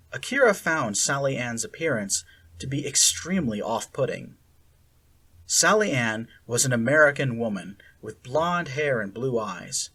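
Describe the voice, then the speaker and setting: A reader narrating a fan fiction chapter in a measured storytelling voice. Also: mid-range voice, a bit bright, husky.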